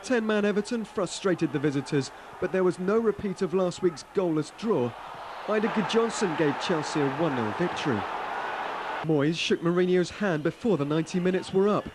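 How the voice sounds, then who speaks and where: High-voiced man sports reporter. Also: noisy background. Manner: brisk, scripted delivery.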